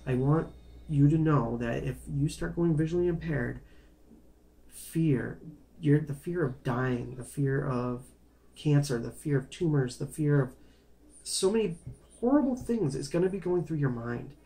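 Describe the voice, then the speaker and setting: A man's voice: on the high side, unhurried, creaky, dark tone. A man telling a personal life story to camera in a casual, rambling way, restarting phrases and apologizing for going off track. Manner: rambling, repeats words, apologizes for veering off. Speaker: vlogger sharing his life story.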